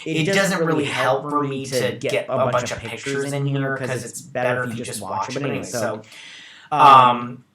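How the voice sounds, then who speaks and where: A man's voice: mid-range voice, normal speed, roomy sound, over a noisy crowd. A man hosting a casual episode recap, rambling with lots of fillers and restarts. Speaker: show host.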